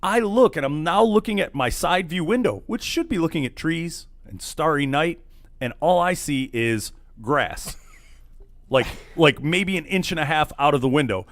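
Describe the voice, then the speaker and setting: Animated man telling a wild story. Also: fairly high pitch, moderate pace, dry recording, studio quality. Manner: animated storyteller, acts out quotes. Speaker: radio show host. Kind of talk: casual storytelling chat. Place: studio.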